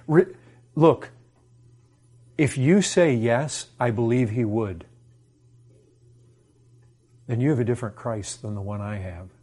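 A man's voice: medium pitch, a little mellow, breathy edge. A man preaching a sermon to his congregation, impassioned and full of rhetorical questions.

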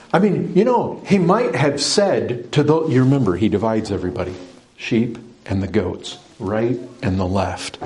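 A man preaching a sermon, emphatic, with sudden surges in pitch and loudness.

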